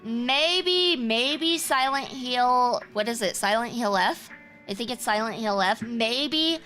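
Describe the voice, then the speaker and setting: A woman's voice: a little high, lively intonation, slow, bright, forceful tone, soft background music. A woman streamer chatting casually with her viewers, teasing and self-assured. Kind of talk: casual chat with a live chat.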